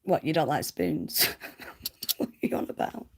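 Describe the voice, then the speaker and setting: A woman's voice: deep voice, big pitch swings, normal speed. A woman chatting casually on a livestream, giggly and often dropping to a whisper, close to the mic.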